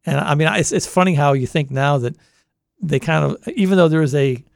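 A longtime college radio volunteer from the Boston area, a man in his sixties with the local accent, rambles through an oral history interview about his station days, restarting again and again. His fairly high voice moves fairly quickly with vocal fry, and the studio sound is clean with no room noise.

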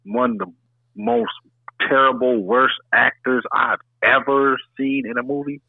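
A man's voice: mid-range voice, very animated, unhurried, vocal fry, breathy edge, no echo, narrow, tinny audio. A man co-hosting a comedic podcast, reacting incredulously and laughing often. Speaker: podcast co-host.

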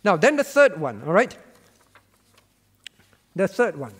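A man's voice: sits high, sing-song, slow pace, husky. Pastor guy preaching, keeps repeating stuff and asking the crowd questions, big echoey hall. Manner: emphatic, repeats key phrases and asks the congregation questions. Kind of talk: sermon. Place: church.

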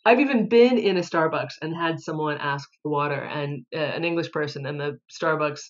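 A woman who works as a filmmaker, a podcast guest who tells stories in an animated, emphatic way. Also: low-pitched, normal speed, muffled recording. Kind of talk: casual chat.

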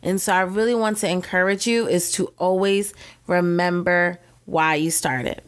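A woman's voice: fairly low pitch, a little slow. A young woman hosting her own podcast, talking in an effusive, encouraging way and repeating phrases for emphasis. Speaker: podcast host. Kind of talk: motivational solo podcast talk.

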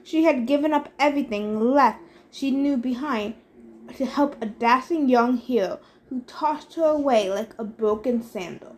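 A woman playing a haughty immortal, coldly sneering and weary of mortals. He lectures with scorn, his tone clipped and contemptuous. A storybook god with a high, bright voice from the reader. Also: unhurried. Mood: scornful storytelling. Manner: sneering, disdainful. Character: sneering, bored male wine god, camp director.

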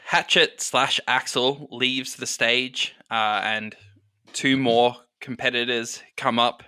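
A man narrating a tabletop game as game master, in a measured way with frequent fillers. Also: medium pitch, steady tone, bright, forceful tone, clean tone, no room sound.

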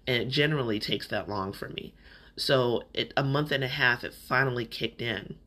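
A man's voice: mid-range voice, normal speed, sharp tone. A man hosting a podcast, telling a candid personal story in a reflective, conversational way with plenty of fillers. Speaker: podcast host.

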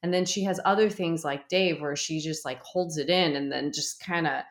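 Casting: animated woman in her thirties, casual talker, slightly low voice, roomy echo. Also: normal speed. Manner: animated, laughs often, fillers like "like". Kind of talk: casual chat. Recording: echoey room.

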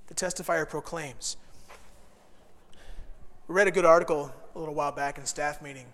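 A high-voiced man preaches a sermon in a church, with a long reverb trailing his words. He tells stories animatedly and acts out the quotes he gives. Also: moderate pace, long pauses. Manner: animated storytelling with acted-out quotes. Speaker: pastor.

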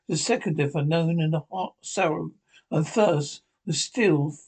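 A man's voice: a little high, a little slow, darkish tone, breathy edge. A man reading a classic adventure novel aloud in an unpolished way, with frequent slips and restarts. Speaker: reader.

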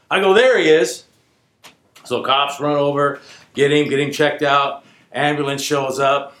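Man storyteller, fairly high voice, lively and animated, roomy echo. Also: unhurried. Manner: animated, acts out quoted voices. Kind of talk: casual spoken anecdote.

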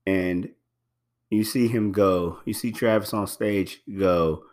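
Deep-voiced man, emphatic podcast host. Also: slow, darkish tone. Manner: emphatic, repeats himself, many fillers. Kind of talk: casual spoken commentary.

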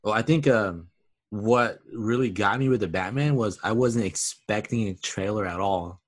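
A man co-hosting a podcast in casual chat, laid-back and quick to agree. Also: lowish voice. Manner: laid-back, agrees a lot, many "like" and "you know" fillers. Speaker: podcast co-host.

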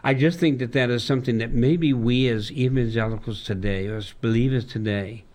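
Man pastor reading scripture slowly. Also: mid-range voice, darkish tone. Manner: reads scripture aloud slowly in old-style wording. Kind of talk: conversational Bible discussion.

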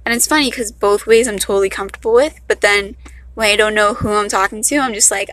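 A woman's voice: mid-range voice, steady tone, fast talker, sharp tone, low-quality recording. A young woman from Miami with a Miami accent and a valley-girl sound, rambling casually and poking fun at herself in a vlog. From Miami, Florida. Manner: chatty, self-mocking, loose. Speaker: vlogger.

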